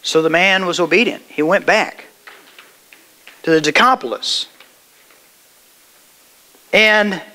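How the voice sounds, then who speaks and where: A man pastor preaching a sermon, retelling a scripture story with dramatic storytelling and sudden drops to a hush. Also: high voice, takes it slowly, long pauses.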